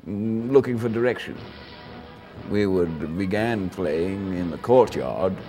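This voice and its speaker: A man's voice: deep voice, animated, slow pace, warm tone, soft background music. A man playing a pompous old British sergeant. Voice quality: pompous, rambling, bluffing. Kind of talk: improvised mock interview.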